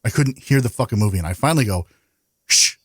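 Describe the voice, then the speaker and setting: A man's voice: on the low side, lively intonation, racing, darkish tone, husky, dry recording, studio quality. A man ranting and telling profane stories as a guest in casual podcast banter.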